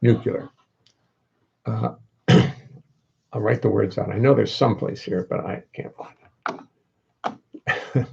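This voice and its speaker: Gravelly man rambling between songs. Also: on the low side, sing-song, darkish tone, highs cut off. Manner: rambling, self-deprecating, halting. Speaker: jazz bassist and singer. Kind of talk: casual chat between songs on a livestream.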